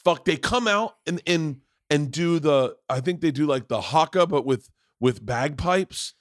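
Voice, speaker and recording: A man's voice: fairly high pitch, expressive, measured pace, no room sound, clean studio sound. A man hosting a podcast, telling a long story in casual chat, swearing freely and acting out what other people said. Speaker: podcast host.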